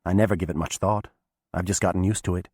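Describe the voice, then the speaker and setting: A man narrating a fantasy audiobook in first person, steady and measured. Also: deep voice, breathy edge, no room sound, clean studio sound.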